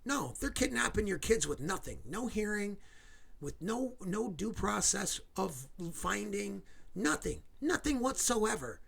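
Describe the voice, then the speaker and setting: A man delivers a heated, sarcastic rant, swearing as he goes. His voice sits a little high and has a gravelly edge. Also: sing-song, measured pace, fairly bright tone. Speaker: video host. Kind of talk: angry ranting commentary.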